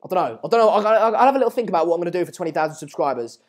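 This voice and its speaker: Talking rapid-fire in a voice that sits high, a young man runs a casual live stream, commentating on a watchalong. He reads and responds to viewer messages, chatty and full of ums, fillers and restarts, and gets excited in bursts whenever the match heats up.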